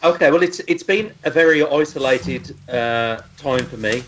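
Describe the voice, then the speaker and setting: A man co-hosting a casual podcast chat, hesitant and filling his pauses with "uh". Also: mid-range voice, fairly bright tone, a little hiss or hum, poor audio. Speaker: podcast co-host.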